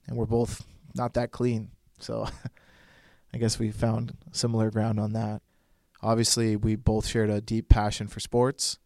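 A man with a lowish voice recalls a close friend and former roommate. He tells the story in a steady, affectionate way, and the recording is dry and close. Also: no room sound. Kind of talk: heartfelt remembrance.

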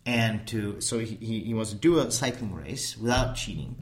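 A man's voice: on the low side, normal speed. Man telling a rambling story. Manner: rambling storyteller who swears casually. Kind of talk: casual conversation, recounting a documentary.

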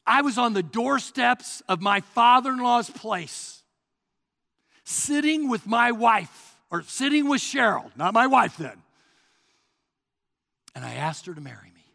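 A man in his sixties preaching a sermon as pastor, swinging from hushed murmurs to shouts. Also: very high-pitched, vocal fry. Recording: long hall reverb.

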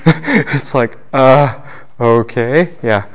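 A man lecturing a class on the Bible, animated and full of rhetorical questions. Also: mid-range voice, extremely slow.

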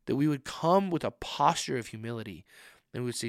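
A man's voice: medium pitch, brisk, a bit bright, dry recording. Conversational male preacher, dry sound. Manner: conversational preaching, repeats key questions, acts out quoted voices. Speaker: pastor. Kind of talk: sermon.

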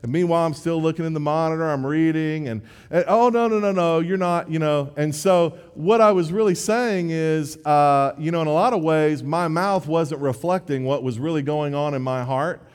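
A man's voice: fairly high pitch, steady tone, moderate pace, hardly any pauses, a little mellow, clear, resonant tone. A man giving a sermon in a conversational, self-deprecating way, often restarting his sentences. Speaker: preacher. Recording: long hall reverb.

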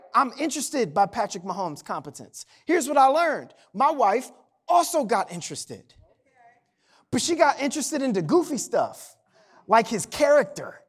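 A man's voice: very high-pitched, fairly bright tone. A man preaching a sermon in a conversational, humorous way, often checking in with "right?". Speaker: pastor.

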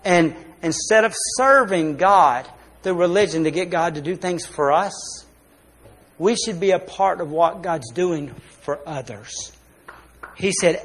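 A man preaching a church sermon, swinging between loud, rising appeals and quiet, lowered asides. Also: a little slow, over music. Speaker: pastor. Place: church sanctuary.

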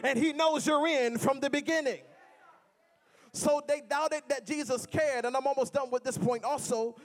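High-voiced man preaching a sermon. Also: fairly even intonation, moderate pace. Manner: rhythmic, repetitive preaching with humor.

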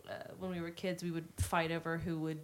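A woman's voice: deep voice, little pitch movement, fairly quick, a little hiss or hum. A woman in casual family chat, rambling and full of "like" as she thinks aloud. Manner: rambling, many likes. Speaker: family member.

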